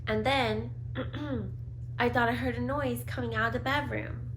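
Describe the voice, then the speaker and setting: A chatty young woman telling spooky stories in a casual vlog, her voice bright and forceful. She pads her sentences with "like" and laughs easily. A faint hiss sits under the voice. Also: on the high side, steady tone, unhurried. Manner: chatty, lots of "like", laughs often. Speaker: vlogger, co-host. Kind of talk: casual storytelling.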